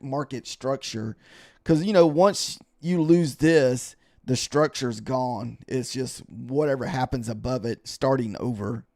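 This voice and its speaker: A man's voice: medium pitch, a little mellow, dry recording, clean studio sound. A tired man chatting casually on a live stream as he trades futures, rambling and thanking followers. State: tired, yawning.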